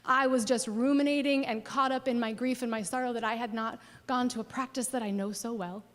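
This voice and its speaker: A woman pastor preaching a sermon, telling a personal story expressively and dropping at times to a soft near-whisper. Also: on the high side, steady tone, brisk. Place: church sanctuary. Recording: long church hall reverb.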